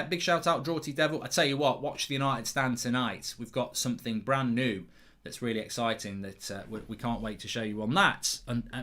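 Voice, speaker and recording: Bantering football watchalong host. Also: male voice, mid-range voice, a bit bright. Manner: banter-filled, teasing, chatty with stammered restarts. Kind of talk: live football watchalong commentary.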